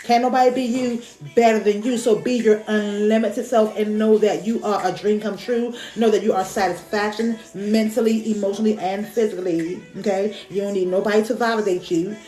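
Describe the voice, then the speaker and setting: A woman's voice: mid-range voice, steady tone, a little fast, hardly any pauses, dark tone. Woman, tarot reader, casual and emotional, repeats herself a lot, echoey room, faint music. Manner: repetitive, encouraging, emotional, colloquial. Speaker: live-stream tarot reader. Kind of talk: casual spiritual card reading.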